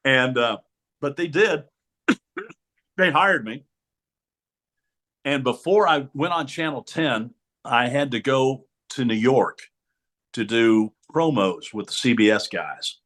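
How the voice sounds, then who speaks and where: A middle-aged sportscaster, guesting in a radio studio interview, tells energetic stories and acts out other people's voices. His voice is medium in pitch, animated and a bit bright, at a normal speed.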